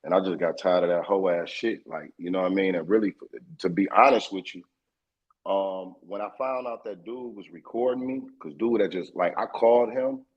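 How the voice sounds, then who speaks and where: A man with a husky, slightly raspy voice tells his side of a story as a podcast guest. He talks loosely and profanely and circles back with lots of fillers. The recording sounds dull and lo-fi. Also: deep voice, moderate pace.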